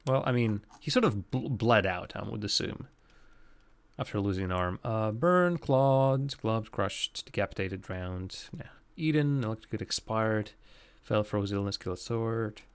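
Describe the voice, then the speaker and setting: A man's voice: lowish voice, lively intonation, measured pace, clean tone. A man streaming a game live, chatting casually with viewers and thinking aloud as he plays. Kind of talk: live gameplay commentary.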